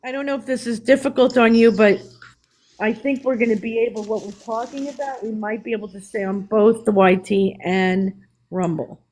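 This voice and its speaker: A woman's voice: fairly high pitch, steady tone, moderate pace, a little mellow, rough recording. A woman with a New York accent hosting a live stream, talking candidly in casual chat with restarts. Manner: chatty, candid, with restarts and laughs.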